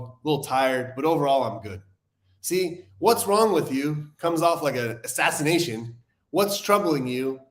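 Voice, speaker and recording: A young adult man hosting a recovery live stream, talking in an earnest, animated way and reading viewer comments aloud. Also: mid-range voice. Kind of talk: casual live-stream talk.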